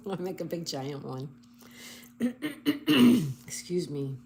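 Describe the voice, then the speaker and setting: Slow, low-voiced woman livestreaming a crossword. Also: sing-song, creaky, darkish tone, a little hiss or hum. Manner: slow, spells out crossword answers letter by letter. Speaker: livestream host. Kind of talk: casual livestream chat, reading viewer comments.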